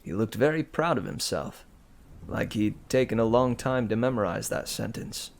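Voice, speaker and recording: A man's voice: lowish voice, creaky. A man reading a book aloud as a bedtime story, chatting casually with listeners between passages. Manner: slow, relaxed, chatty asides to listeners.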